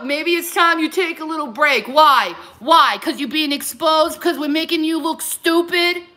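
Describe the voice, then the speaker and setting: Furious high-pitched woman ranting profanely. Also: pushed and bright. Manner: profane, confrontational, repetitive. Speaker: livestreamer. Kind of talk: angry livestream rant.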